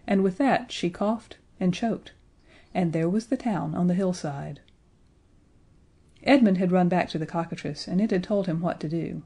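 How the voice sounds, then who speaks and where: A woman narrating a children's audiobook in a gentle, expressive way. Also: lowish voice, normal speed, slightly rough.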